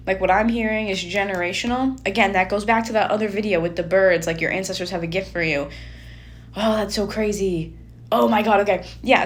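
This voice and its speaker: A young woman giving a casual spoken tarot reading, chatty and animated with lots of filler words. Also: medium pitch, a little hiss or hum. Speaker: tarot reader.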